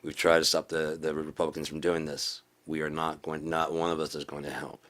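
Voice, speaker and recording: A man giving a profane political rant in a video blog, repeating himself and rising into preachy shouting. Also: a bass voice, monotone, a little fast. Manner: swearing, repetitive, builds to preachy shouting. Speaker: video blogger.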